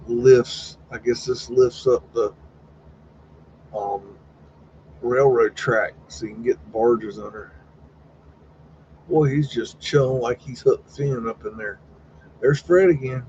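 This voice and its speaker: A man's voice: mid-range voice, darkish tone. A man hosting a live stream, chatting casually and loosely, swearing now and then. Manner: folksy, swears casually, retells chats in quoted voices. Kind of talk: casual rambling commentary. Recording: slightly dull, faint background noise.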